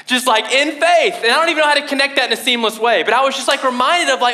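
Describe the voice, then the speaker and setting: A young male pastor delivers a sermon in a loose, conversational style. His voice sits high and sounds bright and bold. He talks in an animated way and peppers his speech with fillers. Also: fast, few pauses. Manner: casual, animated preaching with many fillers.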